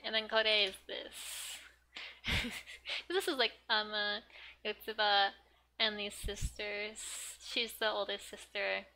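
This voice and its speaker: A young woman teaching Japanese from a manga in a chatty, giggly way, full of "like", sometimes muttering softly as she looks up words. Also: mid-range voice, fairly even intonation, slow pace. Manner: chatty, giggly, filler-heavy with frequent "like". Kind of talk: casual manga study lesson.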